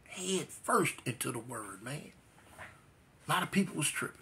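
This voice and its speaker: A man's voice: medium pitch, animated, a little slow, sharp tone. Emphatic man telling his testimony. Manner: emphatic, repeats phrases for weight. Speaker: guest telling his life story. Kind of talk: personal testimony storytelling.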